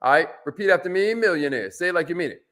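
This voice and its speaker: Guy hyping up his live stream viewers, high voice, shouts out names, lots of y'all. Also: fast. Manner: energetic, calls viewers by name, says y'all. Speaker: motivational live-stream host. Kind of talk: motivational live stream talk.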